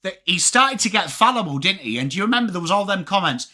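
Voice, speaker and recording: A young English man hosting a live sports watchalong, talking fast and casually, swearing freely and answering chat by name. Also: on the high side. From England. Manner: animated, swearing, reads chat names aloud. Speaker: livestream host.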